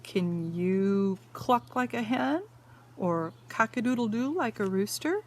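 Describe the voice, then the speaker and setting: A woman teacher with an expressive, medium-pitched voice reads a picture book aloud to young students. She goes slowly and in a sing-song way, pausing to point at pictures and ask the children questions.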